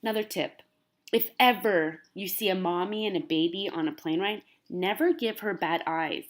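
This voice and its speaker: A young woman with a slightly low-pitched voice, talking casually to her viewers. She rambles in a chatty, animated way and fills her sentences with "like". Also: normal speed. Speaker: vlogger. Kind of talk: casual chat to camera.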